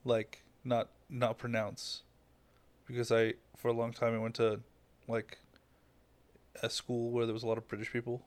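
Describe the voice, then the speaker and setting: A man's voice: medium pitch, completely flat delivery, normal speed, pauses often, smooth, no room sound. Young guy cohosting a podcast, sarcastic, swears a lot, dry close sound. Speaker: podcast co-host. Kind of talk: casual chat. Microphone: headphones and studio mic.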